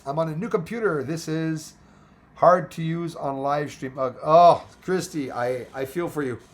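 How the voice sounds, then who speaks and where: A man hosting a livestream and chatting casually through viewer comments. His voice is hoarse, and he rambles with many fillers and restarts. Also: fairly high pitch, unhurried. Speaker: livestream host.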